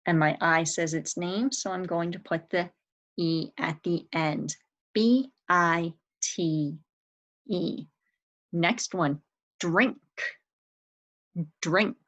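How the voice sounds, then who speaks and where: A woman's voice: lowish voice, steady tone, takes it slowly, long pauses, poor audio. A woman teaching a spelling lesson to young children, patiently sounding out words and spelling them letter by letter. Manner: patient, encouraging.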